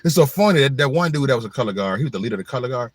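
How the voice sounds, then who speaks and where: Middle-aged male host, casual slangy storyteller, lively pitch swings, mid voice. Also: racing, no room sound. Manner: animated, joking, slangy, rambling. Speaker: channel host.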